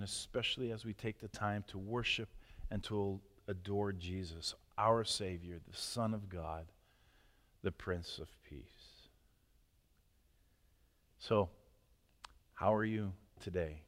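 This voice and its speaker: A man preaching as a pastor, speaking earnestly and often dropping to a hushed near-murmur before leading a prayer. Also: fairly low pitch. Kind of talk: sermon and closing prayer. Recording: long reverb of a large hall.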